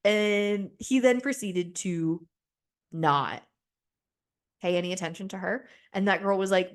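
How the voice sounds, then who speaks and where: A woman's voice: mid-range voice, moderate pace. Gossipy young woman chatting on a podcast. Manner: gossipy, animated, acts out quotes in exaggerated voices. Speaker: podcast host. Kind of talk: casual chat recapping a reality show.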